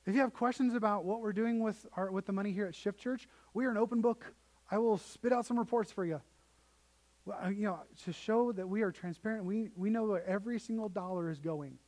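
A man's voice: high voice, fairly quick, darkish tone, poor audio. A young man preaching a sermon in a conversational storytelling way, often restarting sentences. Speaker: pastor.

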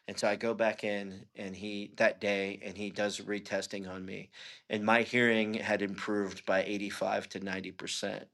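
A man's voice: fairly low pitch, fairly even intonation, normal speed, fairly bright tone. A middle-aged man, a pastor, telling a personal testimony in an interview in an earnest, conversational way. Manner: earnest, conversational storytelling with frequent "you know".

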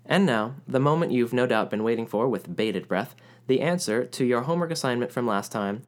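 A man's voice: medium pitch, animated, a little fast. Man teaching music, sings syllables. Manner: clear, explanatory, sings rhythm syllables. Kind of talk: scripted lesson narration.

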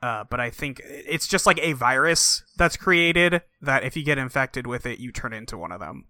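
Bright-voiced sarcastic young man. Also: mid-range voice, no room sound. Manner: blunt and sarcastic, quick to mock. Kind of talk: casual chat.

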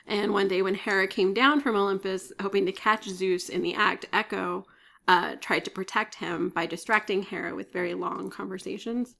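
Her mid-range voice is a bit bright and carries vocal fry, keeping a steady tone at a moderate pace. She's a podcast co-host casually retelling a myth, chatty and full of fillers, coughing often.

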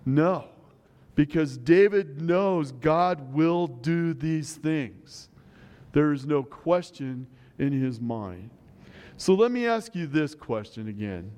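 A man's voice: a little high, a little mellow. A middle-aged man preaching a sermon in a church, earnest and conversational, with many rhetorical questions. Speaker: pastor. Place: church sanctuary. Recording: long hall reverb.

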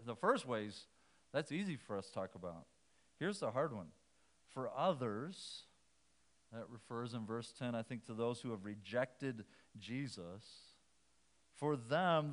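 A man's voice: medium pitch, a bit bright, clear, resonant tone. A man preaching a sermon in a conversational way, shifting his emphasis as he quotes scripture. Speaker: pastor.

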